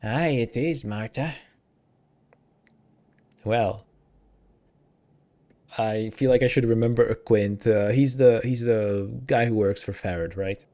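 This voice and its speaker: A man's voice: on the low side, steady tone, a little slow, pauses often, dark tone. A man casually commenting while playing a story game, rambling and chatty. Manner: chatty, rambling, restarts and fillers. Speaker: let's play host.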